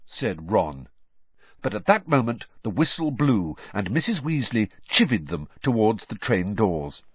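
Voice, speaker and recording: A man reading a storybook aloud as an audiobook narrator, with expressive scripted narration. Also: low-pitched, unhurried, breathy edge, no echo, muffled recording.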